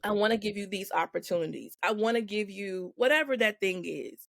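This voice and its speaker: A woman's voice: mid-range voice, fairly quick, creaky, dry recording, clean studio sound. A woman guest in a casual faith chat on a podcast, laughing often as she talks. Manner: laughs often, acts out quoted voices.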